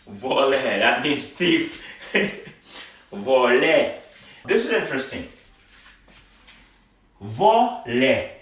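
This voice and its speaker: A man teaching a language lesson, saying words slowly and repeating them for practice. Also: a little high, a bit bright. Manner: slow, drawn-out word repetition for practice. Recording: very echoey room, somewhat far from the mic.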